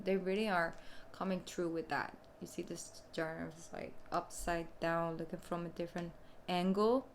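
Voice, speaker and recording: A woman's voice: lowish voice, fairly even intonation, unhurried, slight background noise. A woman giving a casual, chatty tarot reading, talking informally and often saying "you know". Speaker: tarot reader.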